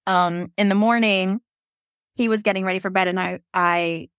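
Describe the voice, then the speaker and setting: Woman, 30s, podcast guest. Animated storyteller who jumps up in pitch for quoted lines, dry close mic. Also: moderate pace, clean tone, no echo. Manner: animated, laughs often, acts out quotes in a higher voice. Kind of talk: casual storytelling.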